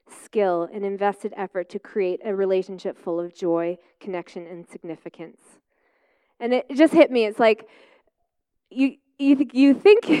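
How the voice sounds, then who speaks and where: A woman's voice: mid-range voice, darkish tone, smooth, no room sound. A woman in her thirties, a Christian speaker and mother, giving a candid, rambling personal faith testimony full of "like" and "you know.".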